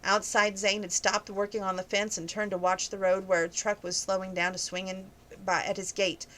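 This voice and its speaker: A woman reading a romance novel aloud at an even pace, now and then noting page numbers. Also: mid-range voice, moderate pace, low-quality recording. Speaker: book reviewer reading aloud.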